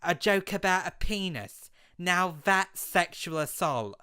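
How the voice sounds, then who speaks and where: Preachy offended puppet wife, guy doing a lady voice, kinda high. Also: expressive, slow pace, pushed and bright, clear, resonant tone, exaggerated voice. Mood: mock outraged.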